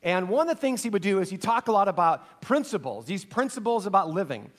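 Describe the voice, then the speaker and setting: A middle-aged man preaching a sermon, telling a personal story earnestly, his voice dropping soft and low in emotional passages. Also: big pitch swings, a little fast. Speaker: pastor.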